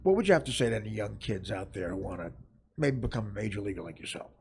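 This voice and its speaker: A man mimics an older baseball announcer conducting an interview in a rain delay. He poses questions in a steady, measured way. The voice carries a gravelly rasp. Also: fairly low pitch, pitched below the performer's own voice, full character voice. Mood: polite. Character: old male baseball broadcast announcer.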